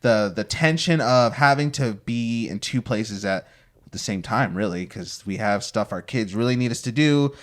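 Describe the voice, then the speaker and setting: A man's voice: medium pitch, normal speed. A man hosting a podcast, rambling through playful hypothetical scenarios in casual chat. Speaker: podcast host.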